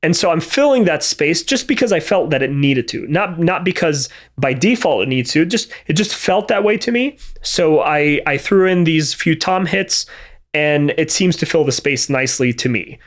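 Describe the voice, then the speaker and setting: Man, tutorial instructor, methodical, fillers and restarts, a touch high-pitched. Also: lively intonation, normal speed. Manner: methodical, thinks aloud, frequent fillers and restarts. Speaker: music production instructor. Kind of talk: screen-recorded tutorial. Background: drum and music playback between remarks.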